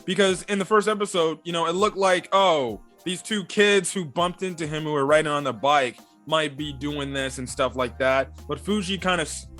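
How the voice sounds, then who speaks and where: A man's voice: a little high, normal speed, few pauses, a bit bright. A man giving a casual, rambling review of an anime episode, full of fillers and loose asides. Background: faint background music.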